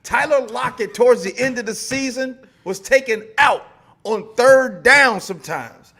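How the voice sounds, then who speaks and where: A man hosting a sports podcast, animated and upbeat, steering the segment. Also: very high-pitched. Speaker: podcast host. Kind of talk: casual sports chat.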